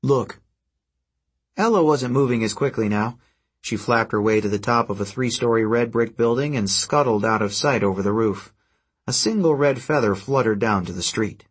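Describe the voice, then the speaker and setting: A man narrating a fantasy adventure story in a steady, even storytelling manner. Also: mid-range voice, moderate pace, slightly rough. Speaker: audiobook narrator. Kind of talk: scripted narration.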